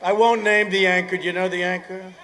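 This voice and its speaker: A man in his seventies giving a rally speech, rambling through sarcastic asides, repeating phrases and breaking into shouts. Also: sits high, little pitch movement, a little fast, slight background noise. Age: 70s. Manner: bursts into shouting. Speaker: politician addressing a rally.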